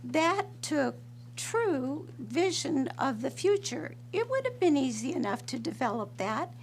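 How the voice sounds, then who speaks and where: American woman reading a letter at city council, high voice, slow and careful, faint hum. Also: sing-song. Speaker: public commenter.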